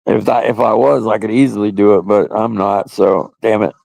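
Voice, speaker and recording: A man's voice: lowish voice, steady tone, normal speed, a little mellow, no room sound. A man hosting a casual livestream, chatting loosely and crudely with viewers and often laughing. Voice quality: gravelly. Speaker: livestream host. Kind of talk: casual live-stream chat with viewers.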